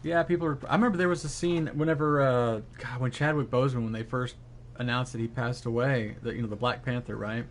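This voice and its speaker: A man's voice: mid-range voice, fairly even intonation, fairly quick, slight background noise. A man chatting casually with his viewers while gaming, rambling with lots of fillers and restarts. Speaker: live streamer.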